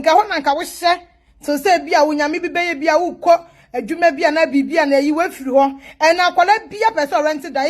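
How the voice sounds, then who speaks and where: A woman with a Ghanaian accent speaks in a high voice, blunt and preachy. She drifts between pidgin and Twi in a loose, casual monologue.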